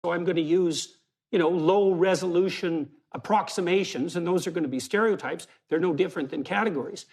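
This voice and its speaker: A man answering in an interview clip, measured and lecturing as he lays out his reasoning. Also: high voice, darkish tone. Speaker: pundit in a played clip.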